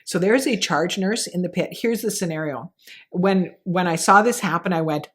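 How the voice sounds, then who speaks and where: Animated woman telling stories in a low voice. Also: normal speed. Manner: animated storyteller, acts out scenes with voices. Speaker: podcast co-host. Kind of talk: casual chat.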